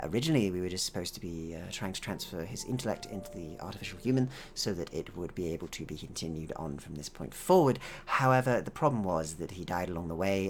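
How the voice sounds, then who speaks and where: A man voicing a fussy, excitable Victorian woman scientist who talks in a flustered, prim way in a tabletop game. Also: deep voice.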